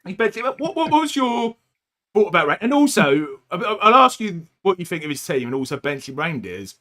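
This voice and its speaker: A middle-aged man from the United Kingdom co-hosting a podcast stream, chatting in an animated, jokey way and often talking over his co-host. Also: high voice, a little fast. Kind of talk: casual chat on a live stream.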